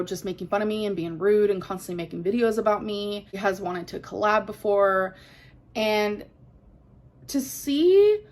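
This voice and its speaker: A woman vlogger chatting casually to the camera, answering things said about her in a candid, defensive way. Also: mid-range voice. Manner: candid, defensive, emotional at times.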